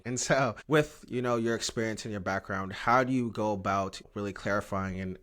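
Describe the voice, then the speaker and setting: A man's voice: on the low side, fairly bright tone. A man hosting a podcast, asking thoughtful, searching interview questions. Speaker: podcast host.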